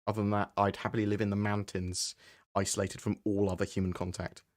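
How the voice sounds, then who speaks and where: Low-voiced man, relaxed streamer Q&A. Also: quick pace, no room sound, studio quality. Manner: relaxed, conversational, thinks aloud while answering. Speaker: streamer answering viewer questions. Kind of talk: casual live-stream Q&A.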